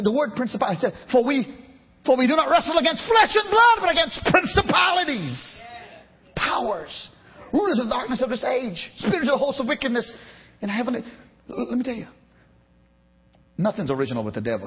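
Pastor guy preaching loud in church, husky high voice swinging all over, kinda dull lo-fi sound. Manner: fiery, shouting preaching with call-and-response. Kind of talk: sermon. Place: church sanctuary.

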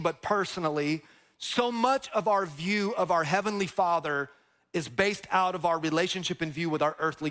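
A man's voice: high-pitched, a bit bright. A male pastor preaching a sermon, impassioned and repetitive, leading the congregation in call-and-response.

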